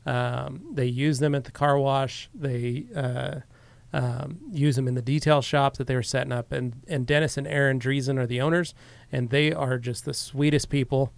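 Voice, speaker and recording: Gravelly smooth-voiced man chatting casually. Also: medium pitch, steady tone, normal speed, hardly any pauses, no echo. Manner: easygoing storyteller, many fillers. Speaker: podcast co-host. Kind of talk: casual podcast chat.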